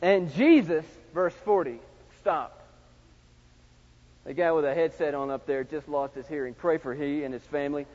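A middle-aged man preaching a sermon, swinging from loud shouts to hushed, intimate tones. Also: on the high side, normal speed, slight background noise. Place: large church sanctuary. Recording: dull sound with long hall reverb.

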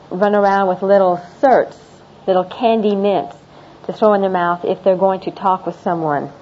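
A woman's voice: medium pitch, warm tone. A middle-aged woman talking to a class of international students about everyday customs, chatty and a little rambling. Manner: chatty, repeats herself, laughs at her own stories. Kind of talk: classroom talk on American customs. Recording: dull lo-fi classroom recording with faint noise.

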